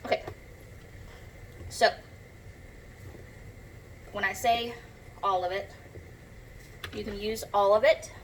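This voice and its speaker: A woman's voice: medium pitch, fairly even intonation, slow pace, pauses often, a little hiss or hum, low-quality recording. A woman with a Southern US accent, chatting and rambling through a homey cooking demo in her kitchen, recorded on a propped-up phone. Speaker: home cook. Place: home kitchen.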